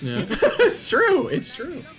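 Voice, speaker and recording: A podcast guest jokes and laughs through a casual chat. The voice swings widely in pitch. Music plays clearly in the background. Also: wildly swooping pitch, slow. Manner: laughing, jokey.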